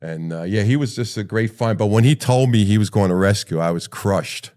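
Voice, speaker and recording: A middle-aged man, a retired firefighter, telling personal stories in an animated way and swearing freely. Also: on the low side, a little fast. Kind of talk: personal storytelling.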